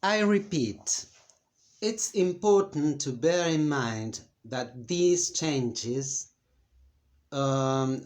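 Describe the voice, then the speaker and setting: A man teaching a Spanish grammar lesson in English, speaking slowly and deliberately with frequent fillers and pauses. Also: mid-range voice, a little mellow. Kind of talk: slow, careful grammar lesson. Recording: echoey room.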